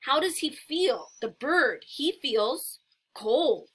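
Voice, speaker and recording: Bright, high-pitched woman teaching slowly. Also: lively intonation. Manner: slow, patient, explains word by word. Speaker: Spanish teacher. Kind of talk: reading a beginner story aloud and explaining it.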